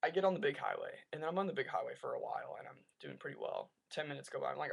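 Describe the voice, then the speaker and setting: A young man telling a rambling story to his webcam, animated and full of "like", in a casual vlog. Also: medium pitch, racing, vocal fry, slightly rough. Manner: rambling, animated rants with lots of "like". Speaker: vlogger.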